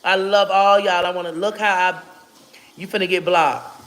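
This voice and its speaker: A man's high, slightly bright voice, fairly even in intonation and moderate in pace, comes from a casual phone livestream. As host, he does shout-outs by listing viewers' hometowns, mixing in loose, friendly asides and endearments like "baby".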